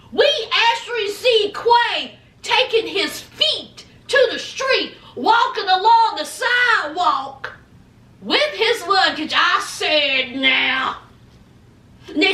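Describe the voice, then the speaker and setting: A woman with a very high, bright voice talks unhurriedly through a show recap, laughing and slipping into the cast's lines as she goes. She sounds a little distant from the mic in an echoey room. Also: expressive. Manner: chatty, laughing, acts out the cast in quick quoted voices. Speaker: reality show recap vlogger. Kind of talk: casual recap commentary.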